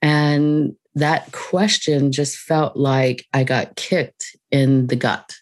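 A woman guest on a podcast, telling a personal story in a reflective, unhurried way with soft laughs. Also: very deep voice, steady tone, dry recording.

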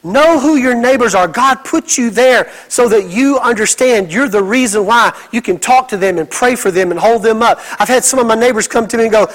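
A middle-aged man preaching a sermon, telling stories with lively acted quotes. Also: extremely high pitch, brisk, low-quality recording. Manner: animated storytelling with acted quotes. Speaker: pastor.

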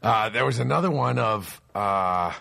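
A man's voice: on the low side, lively intonation, measured pace, gravelly, pushed and bright, dry recording. A man hosting a crude, casual podcast chat, rambling through movie scenes with lots of swearing. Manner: rambling retelling of movie scenes, profane, laughing. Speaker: podcast host.

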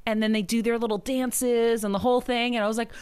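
A woman's voice: fairly high pitch, fairly even intonation, fast, a little mellow, clean tone, no room sound. A woman radio host telling a story in casual chat, giggling often, using lots of fillers and acting out her own reactions. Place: radio studio.

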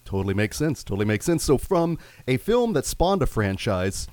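Male podcast host, lively pitch, dry mic, steers the conversation. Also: moderate pace, no echo. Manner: introducing topics and prompting guests. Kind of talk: casual chat.

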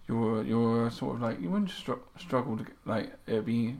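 A man interviewing casually, asking questions in a hesitant, halting way. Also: medium pitch, creaky, a little mellow. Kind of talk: casual chat.

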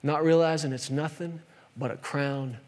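A man preaching a sermon, emphatic and full of rhetorical questions, sometimes racing, sometimes slowing right down. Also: on the high side, fairly even intonation, darkish tone, big-room sound. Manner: emphatic, rhetorical questions, shifts between fast and slow delivery.

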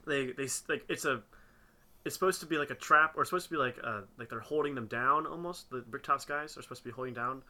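A man talks through a film on a podcast in a loose, chatty way, leaning on "like" as a filler. His voice is very bright and cutting, and he grows animated when something in the plot bugs him. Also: medium pitch, quick pace. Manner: chatty, uses "like" a lot, animated when critiquing. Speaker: podcast co-host. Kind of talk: casual film discussion.

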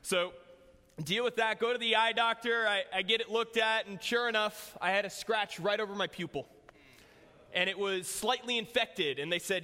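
A man's voice: high-pitched, moderate pace, bright, forceful tone. A young man preaching a sermon in a casual, joking way, telling a personal story to his church. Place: church hall. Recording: long hall reverb.

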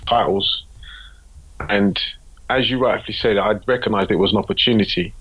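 Male guest from Britain, creative director, low husky voice, lively anecdotal storyteller. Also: normal speed, dull audio. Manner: animated anecdotes, slangy, laughs while telling stories. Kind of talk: casual storytelling in a podcast interview.

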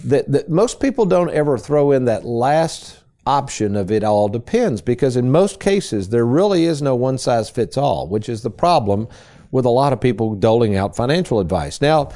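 A male radio host with a mellow, warm tone and a lively voice that rises and falls as he talks. He explains in a folksy, conversational way, quizzing his co-host and leaning hard on the words he wants to stress. He is on a studio talk show. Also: mid-range voice, moderate pace. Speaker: retirement planning radio host.

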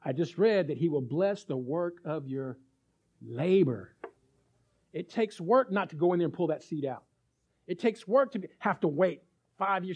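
High-voiced animated preacher man, lo-fi. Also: brisk. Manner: animated, acts out little dialogues, asks the crowd. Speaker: pastor. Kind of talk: sermon.

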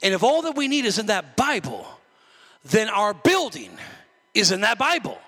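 A man pastor preaching a sermon, animatedly acting out his talks with God and shouting at the peaks. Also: high-pitched, huge pitch swings, normal speed. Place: church sanctuary. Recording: long reverb of a church hall.

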